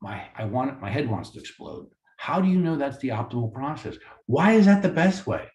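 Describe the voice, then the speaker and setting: An animated man speaks as a mediator giving a lecture for course credit, ranting and peppering his talk with rhetorical questions. His voice sits at an ordinary pitch for a man. The recording has a roomy echo. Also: a little fast. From Florida. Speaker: mediator and lawyer.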